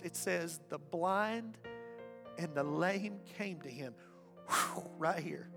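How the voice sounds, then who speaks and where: A man preaching a sermon as pastor, impassioned, swinging from loud declarations to hushed asides. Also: high voice, animated, takes it slowly, pauses often. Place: church sanctuary. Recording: reverberant church hall with faint music.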